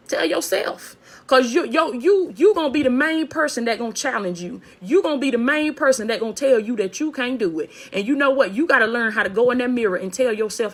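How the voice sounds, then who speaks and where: A woman's voice: on the high side, fairly quick, hardly any pauses. A woman preaching a motivational sermon on a phone video, fervent, repeating phrases and calling out to her listeners.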